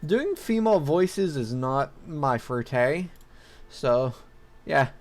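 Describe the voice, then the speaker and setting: A man's voice: a little high, sing-song, takes it slowly, darkish tone. A man chatting casually and self-deprecatingly while playing a game. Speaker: gaming video creator. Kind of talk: let's play commentary.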